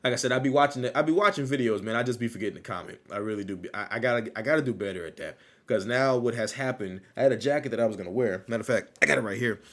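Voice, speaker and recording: A man hosting a casual livestream, talking loosely and repeating his phrases, still low on energy after an illness. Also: rapid-fire, hardly any pauses, fairly bright tone. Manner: loose, rambling, repeats phrases, laughs easily. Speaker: livestream host.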